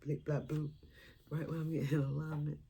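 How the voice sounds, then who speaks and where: A woman's voice: sits low, little pitch movement, fairly quick, vocal fry, mellow, slight background noise. A woman vlogger and stand-up comedian chatting casually to camera. She rambles, laughs often and drops into whispers. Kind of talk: casual spiritual chat to camera.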